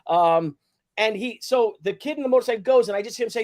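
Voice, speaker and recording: A man hosting a show, telling a story in casual chat, acting out shouted quotes, swearing and laughing often. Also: sits high, fast talker.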